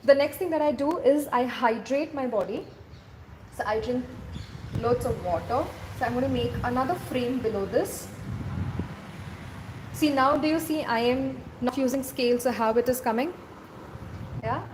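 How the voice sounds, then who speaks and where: A doodle art teacher with an Indian English accent leads a casual step-by-step drawing lesson, often checking in with the viewer. Her voice sits high, her pace is moderate with long pauses, and there's noise in the background.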